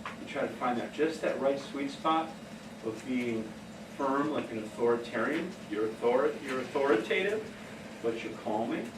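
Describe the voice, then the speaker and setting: In a noisy, echoey room, a man is heard from a distance as he leads a staff training workshop. His mid-range voice is expressive and moderately paced, and he tells stories casually, often laughing at his own anecdotes.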